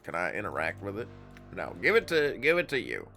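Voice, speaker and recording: A young man streams a video game, reading its text aloud in a low, gravelly voice that swings widely in pitch. He drops casual, profane asides between lines. Faint game music sits underneath. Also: wildly swooping pitch, a little fast, bright, forceful tone.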